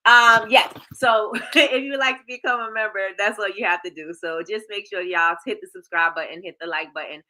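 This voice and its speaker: A woman hosting a casual live stream, warmly greeting viewers by name with lively, sing-song shout-outs. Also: medium pitch, fairly quick, poor audio. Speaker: livestream host.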